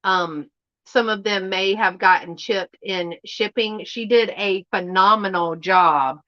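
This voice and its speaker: A middle-aged Southern woman from Louisiana hosts a live unboxing in an unhurried drawl. She talks in a homey, folksy way and often sinks to a near-hush. Her voice sits at a middling pitch, and the live-stream audio sounds a bit muffled. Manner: chatty and folksy, slow, often dropping to a hushed voice. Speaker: channel host. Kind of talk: casual live unboxing chat. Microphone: live stream setup.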